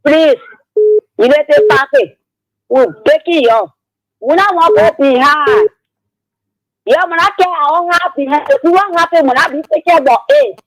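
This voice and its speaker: A woman's voice: high-pitched, moderate pace, pauses often, no room sound, low-quality recording. A woman with a Liberian English accent calling in to a radio show, pleading and repeating herself as she rambles. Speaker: caller.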